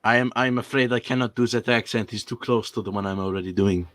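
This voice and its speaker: A man's voice: on the high side, sing-song, normal speed, pushed and bright. A man putting on a hammy German-Scottish accent. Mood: chatty. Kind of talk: playful accent impressions among players.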